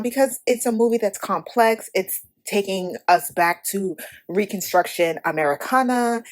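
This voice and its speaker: A Haitian-American woman hosting a podcast, giving a blunt, profane, animated movie review in casual talk. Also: fairly low pitch. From United States. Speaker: podcast host.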